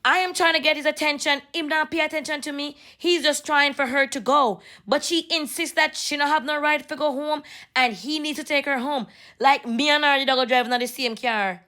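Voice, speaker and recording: A young woman casually telling a story, animated and slipping into patois. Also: high-pitched, normal speed. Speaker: vlogger.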